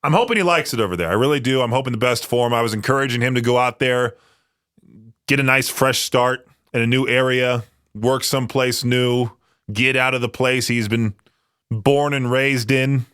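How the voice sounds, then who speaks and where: A man's voice: mid-range voice, fairly even intonation, normal speed, fairly bright tone, clear, resonant tone, dry recording, studio quality. Chatty young male radio DJ. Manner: chatty and rambling, laughs often. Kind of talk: casual radio chat. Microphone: studio microphone.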